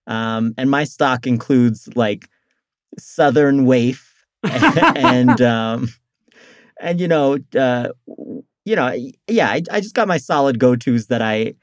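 A man's voice: mid-range voice, lively intonation, slow pace, dry recording, studio quality. A man who is a comedy guest on a podcast, rambling in casual chat and laughing often.

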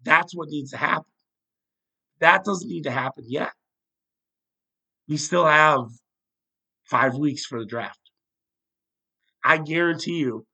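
A young man with a slight cold hosting a casual solo sports podcast, rambling and poking fun at himself as he thinks out loud. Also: mid-range voice.

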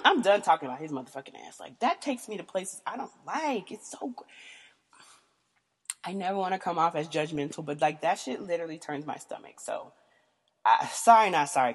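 A low-pitched woman talks straight into the mic in a frank, profane storytelling monologue. She leans on filler words and speaks with blunt candor. Her voice carries a long reverberant tail from the room. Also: very animated, normal speed, slightly rough. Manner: blunt, profane, frequent "you know" fillers. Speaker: podcast host. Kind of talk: candid casual storytelling monologue.

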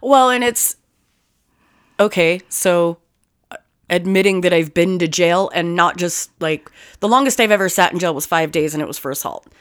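A young woman chatting casually as a podcast co-host, telling stories in a profane, animated way. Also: lowish voice, normal speed, clean tone. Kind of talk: casual chat.

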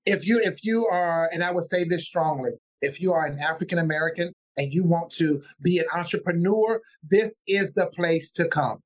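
High-voiced excitable male pastor. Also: normal speed, hardly any pauses. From North Carolina, US. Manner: excitable, repeats words for emphasis. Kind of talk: casual interview chat.

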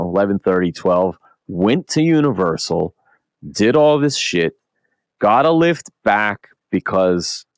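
A young podcast co-host tells a story in casual chat, animated and swearing a lot as he acts out what people said. His voice is on the low side, and there is no room sound.

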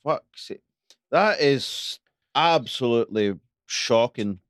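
A man's voice: mid-range voice, lively intonation, takes it slowly, a bit bright, no echo, clean studio sound. A man co-hosting a sports watch-along podcast, blunt and sweary in his running commentary. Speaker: podcast co-host.

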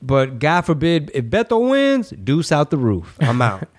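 A man from Texas co-hosting a casual podcast, talking in a loose, slangy, animated way with a slightly stuffy, congested voice. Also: a little high, measured pace. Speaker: podcast co-host. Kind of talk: casual political podcast banter.

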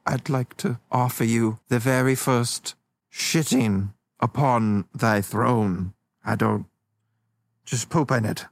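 A man's voice: medium pitch, steady tone, takes it slowly, creaky, dry recording. A man voicing an awkward young inventor son who speaks earnestly and fumbles for words. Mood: fumbling.

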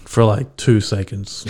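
A young man with a fairly low voice tells a story on a podcast. His delivery is loose and unhurried, with plenty of swearing and laughter running through it. He comes across as a casual, chatty host. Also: fairly even intonation, darkish tone, breathy edge. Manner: laid-back, swears freely, laughs through his stories.

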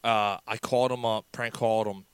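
A man's voice: on the low side, fairly even intonation, brisk, clean tone, no echo. A middle-aged man, telling a rambling work story with laughs and swearing. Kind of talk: casual storytelling.

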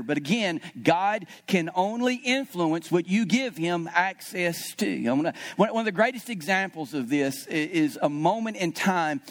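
A man preaching a sermon as pastor at a church service, repeating key phrases for emphasis and calling on the congregation to answer back. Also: on the high side. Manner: calls on the congregation to respond.

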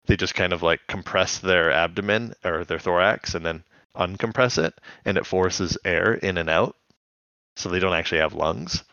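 A man's voice: low-pitched, normal speed, sharp tone, dry recording, lo-fi sound. A man co-hosting a casual chat, recapping a cartoon episode and laughing often. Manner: laughs often, recaps scenes in acted quotes. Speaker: podcast co-host.

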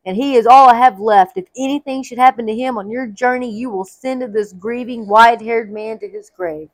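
A woman's voice: fairly high pitch, steady tone, moderate pace, no room sound, natural voice. A woman voicing a grieving, white-haired old father who is fearful and protective, in a plaintive, pleading way, as she reads a Bible story aloud. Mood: sorrowful.

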